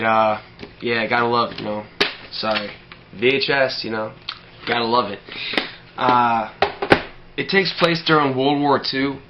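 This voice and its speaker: A man's voice: medium pitch, highs cut off, background noise. A man ranting casually about a film, rambling with lots of fillers and heavy swearing. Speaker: movie ranter.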